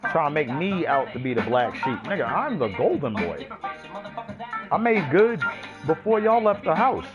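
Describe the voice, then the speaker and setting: A man's voice: a little high, sing-song, normal speed. A man in a swaggering, profane, boastful rant, cursing freely. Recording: muffled recording over loud music.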